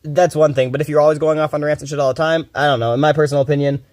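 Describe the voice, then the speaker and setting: A man streaming a game, talking fast and rambling with a lot of swearing, a bit groggy from little sleep. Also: fairly high pitch, level tone, a little mellow, dry recording, clean studio sound. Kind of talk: casual rambling commentary.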